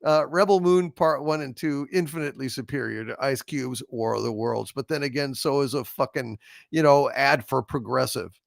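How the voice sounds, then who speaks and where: A man's voice: mid-range voice, steady tone, normal speed, vocal fry, no room sound, studio quality. A man hosting a casual livestream, reading out viewer super chats and reacting in a blunt, profane, joking way. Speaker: host.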